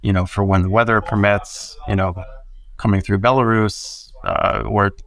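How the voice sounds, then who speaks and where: A man's voice: fairly low pitch, fairly even intonation, moderate pace, gravelly, a bit bright, dry recording. A man co-hosting a casual podcast, explaining points earnestly with fillers. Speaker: podcast co-host.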